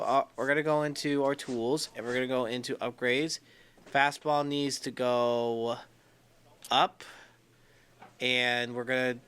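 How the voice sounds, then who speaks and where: A young man commentating his own baseball video game, excitable, yelling when upset and dropping to a low muttering tone when calm. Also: clear, resonant tone. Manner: excitable, yells in frustration then drops to a low muttering tone. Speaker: gaming YouTuber.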